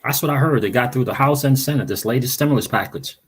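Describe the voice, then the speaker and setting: A man's voice: mid-range voice, fast, slight background noise. A man hosting a crypto livestream, chatting casually, greeting viewers by name and repeating phrases. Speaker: crypto channel host.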